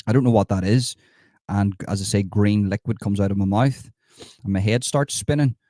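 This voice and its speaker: A man riffs sarcastically over clips, praising what he mocks in a low voice. He leaps from calm asides to excitable outbursts. The sound is dry and close. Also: normal speed, no echo. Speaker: satirical commentator.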